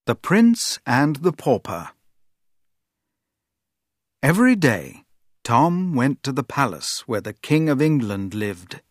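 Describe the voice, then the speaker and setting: A man reading a story aloud for a language textbook, in an expressive, clear storytelling manner. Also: medium pitch, slow, pauses often, dry recording, studio quality. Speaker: narrator. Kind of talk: scripted textbook story narration.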